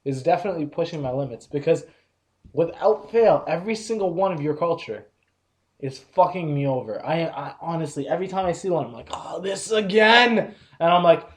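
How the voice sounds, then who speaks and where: A man's voice: on the high side, animated, fairly quick, a little mellow. A young man hosting a casual podcast, swearing often and laughing as he tells work stories. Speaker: podcast host. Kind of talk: casual drunken banter. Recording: echoey room, audio-only podcast.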